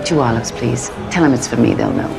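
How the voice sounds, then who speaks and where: A woman's voice: extremely low pitch, fairly quick, gravelly. A woman in a film scene, ordering drinks in a languid drawl. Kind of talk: film dialogue. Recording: film clip with music.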